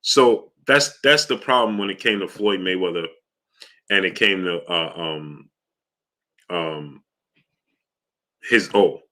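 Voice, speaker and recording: A man's voice: sits low, takes it slowly, pauses often, bright, forceful tone. A man hosting a casual live stream, greeting viewers by name, reading their comments and asking for likes.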